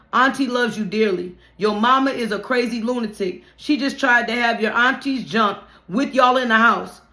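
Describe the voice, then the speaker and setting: A woman's voice: on the high side, bright, forceful tone. A woman reading her own memoir aloud in a plain conversational way, with some restarts and slips. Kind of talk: memoir narration, read aloud. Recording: roomy, echoey room.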